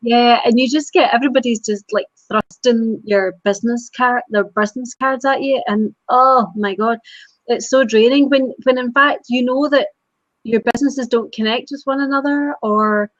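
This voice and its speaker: A Scottish woman with a fairly high voice, co-hosting a relaxed live-stream chat and laughing a lot as she talks. The sound is dry and dull, like webcam audio on a video call. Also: normal speed, dry recording. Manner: laughs often, animated and chatty. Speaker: co-host.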